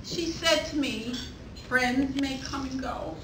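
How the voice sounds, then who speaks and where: An older woman giving a heartfelt, measured anniversary toast as maid of honor, reading prepared remarks at a party. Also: high voice. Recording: echoey distant room, background noise.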